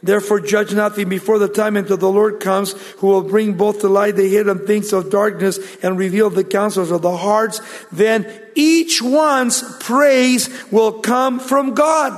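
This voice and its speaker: A pastor preaching a sermon, asking the listeners rhetorical questions and answering them aloud with emphasis. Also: male voice, high-pitched, steady tone, measured pace, hardly any pauses, in a large hall.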